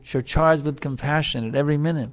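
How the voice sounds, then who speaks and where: A man's voice: on the high side, fairly even intonation, quick pace. A middle-aged man giving a devotional lecture as a spiritual teacher, emphatic and repeating his phrases for stress.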